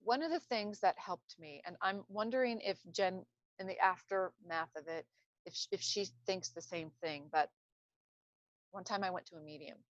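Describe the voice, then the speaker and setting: A woman's voice: on the low side, normal speed, no room sound. A woman speaking unscripted about healing, rambling and searching for words as she goes. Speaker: speaker on trauma recovery. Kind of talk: casual unscripted talk to camera. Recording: dull lo-fi self-recording.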